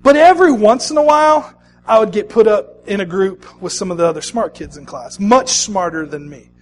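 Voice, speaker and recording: High-voiced preaching man. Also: animated, normal speed. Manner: swings from hushed to loud and emphatic. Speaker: pastor. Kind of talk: sermon.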